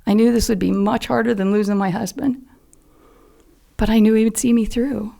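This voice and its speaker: A woman's voice: a little high, fairly even intonation, moderate pace, gravelly, warm tone. An older woman telling a personal story as a podcast guest, earnest and heartfelt, at times dropping to a near whisper. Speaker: podcast guest, mother of a fallen SEAL.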